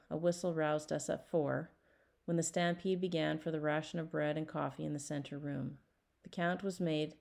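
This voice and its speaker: A woman reading a memoir aloud as an audiobook, in a measured and earnest first-person narration. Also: sits low, vocal fry, a little mellow. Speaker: audiobook reader.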